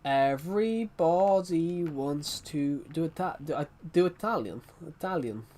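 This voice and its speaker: A man's voice: fairly high pitch, lively intonation, measured pace, a little mellow. Rambling man streaming a game. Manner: rambling, chatty, laughs between thoughts. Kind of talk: casual live-stream chat.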